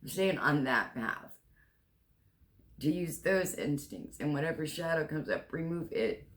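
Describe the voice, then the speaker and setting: A man's voice: on the high side, animated, a little slow, a bit bright, a little hiss or hum. Earnest man in his sixties reading cards. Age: 60s. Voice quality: repeats phrases, restarts often. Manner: emotional, tearful at times, earnest and encouraging. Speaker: tarot reader. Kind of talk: spiritual card reading monologue.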